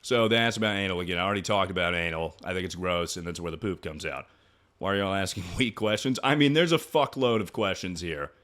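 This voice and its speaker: A man's voice: low voice, fast talker, a bit bright. A young man streaming, answering chat questions in crude, joking banter with frequent laughs and trailing restarts. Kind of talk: casual livestream chat.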